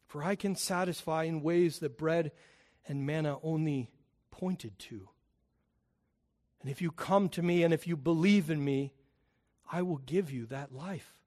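A man preaching a sermon, emphatic, swelling loud on key phrases and dropping low and quiet between them. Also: a little slow, long pauses.

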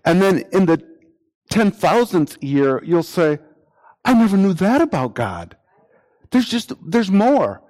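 A man with a voice on the high side preaches a sermon, repeating phrases for emphasis and acting out imagined quotes in lively voices.

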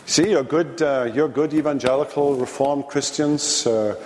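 A man preaching a midweek theology lecture in an earnest, halting way, full of fillers and restarts. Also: mid-range voice, darkish tone, a little hiss or hum. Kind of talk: sermon lecture. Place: church sanctuary. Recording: long reverb of a large church.

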